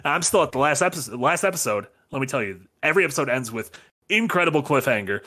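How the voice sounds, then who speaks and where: Man, podcast co-host, casual and animated, bright voice. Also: mid-range voice, fast. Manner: enthusiastic, animated recapping. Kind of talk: casual chat.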